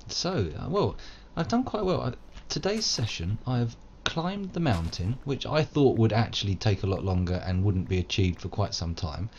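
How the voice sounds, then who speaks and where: A man's voice: lowish voice, animated, moderate pace, highs cut off, a little hiss or hum. A man giving rambling, self-mocking live commentary while playing a game, wordy and fond of old-fashioned flourishes. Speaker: game streamer.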